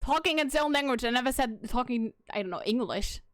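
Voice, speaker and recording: Woman, fairly high, giggly and steering the chat; dry, close voice-call sound. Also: expressive, fairly quick, fairly bright tone, no room sound. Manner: giggly, keeps the talk on track. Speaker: podcast participant. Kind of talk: casual online group chat.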